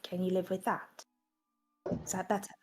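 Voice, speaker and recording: A woman doing a gentle adventurer with a put-on accent. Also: on the low side, level tone, moderate pace, soft background music, voice pushed down, close to an everyday voice. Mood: consoling. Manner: gentle, reassuring. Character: compassionate adventurer comforting a friend. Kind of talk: in-character tabletop role-play.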